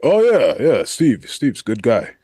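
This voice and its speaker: A man doing an impression of a rambling, boastful older male pro-wrestling star on a podcast, in a gravelly drawl. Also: mid-range voice, wildly swooping pitch, measured pace, warm tone, no room sound, exaggerated voice. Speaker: podcast co-host.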